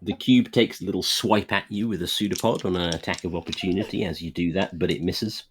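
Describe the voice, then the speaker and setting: A man narrating as game master of a tabletop game, explaining the rules slowly with dry amusement. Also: deep voice, slight background noise.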